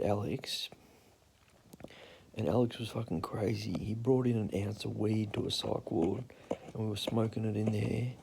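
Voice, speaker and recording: A man's voice: fairly low pitch, gravelly, mellow, a little hiss or hum. A young man with an Australian accent telling rambling, crude stories in casual talk and swearing freely. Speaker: storyteller. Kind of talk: casual storytelling.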